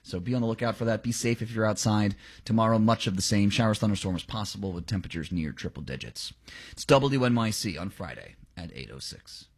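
A man reading the local news and weather on the radio in a brisk, clipped delivery. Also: on the low side, lively intonation, slightly rough. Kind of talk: news read on air.

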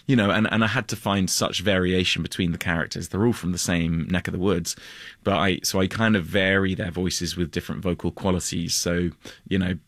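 A man with a deep voice talks haltingly in a casual interview and laughs often. The sound is dry and close. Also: steady tone, a bit bright, dry recording. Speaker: actor guest.

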